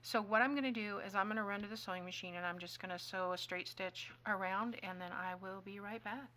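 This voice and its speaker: A woman hosting a casual crafting tutorial, chatting and joking at herself, dropping to soft mutters while she works. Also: mid-range voice, brisk, slight background noise. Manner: chatty, self-deprecating, mutters softly while working.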